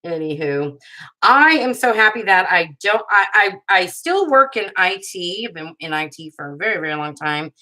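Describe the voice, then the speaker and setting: A woman in her thirties with a bright, forward voice, chatting casually on a live crafting stream. She rambles through stories as she works and laughs easily. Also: fairly low pitch, expressive, moderate pace, poor audio. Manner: chatty, rambling storyteller who laughs often. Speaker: paper craft video host.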